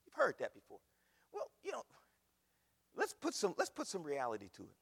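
A man preaching a sermon as pastor, swinging from soft asides to loud shouting, mocking quoted voices along the way. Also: high-pitched, huge pitch swings, normal speed, gravelly, slightly rough. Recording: echoey hall recording.

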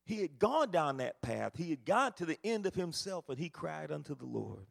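A pastor preaching a sermon, moving from quiet teaching to shouted fervor. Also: male voice, on the high side, very animated, normal speed, vocal fry.

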